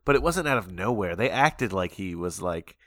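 Low-voiced man hosting a casual podcast. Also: expressive, moderate pace, a bit bright, no echo, studio quality. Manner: easygoing, laughs often. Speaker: podcast host. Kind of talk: casual film discussion.

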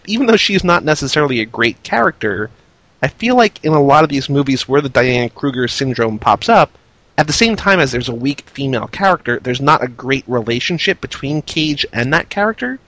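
A man's voice: mid-range voice, lively intonation, a little fast, fairly bright tone, no room sound, poor audio. A man co-hosting a casual movie review chat, recapping scenes conversationally. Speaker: podcast co-host.

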